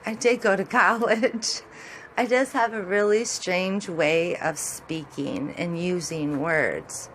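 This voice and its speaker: Commenting on sky photos, a middle-aged vlogger chats and rambles in a lowish, slow voice, laughing frequently. Her accent is from Michigan with hints of the South, and the recording has slight hiss or hum.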